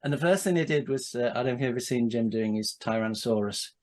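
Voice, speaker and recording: Male podcast guest, mid pitch, rambling storyteller with restarts and laughing asides. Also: quick pace. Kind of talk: casual anecdotal storytelling.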